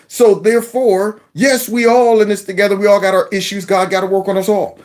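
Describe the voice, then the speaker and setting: A man hosting a reaction commentary in a sarcastic, preachy way. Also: high voice. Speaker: commentary host.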